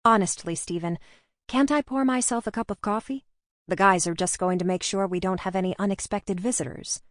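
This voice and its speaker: A woman reading the part of a brisk, unflappable female police officer in an audiobook, speaking in a matter-of-fact way. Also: medium pitch, no room sound, clean studio sound, natural voice.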